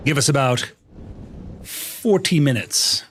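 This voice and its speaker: A man's voice: mid-range voice, takes it slowly, a bit bright, slight background noise. A man streaming live, chatting casually and joking playfully with his chat.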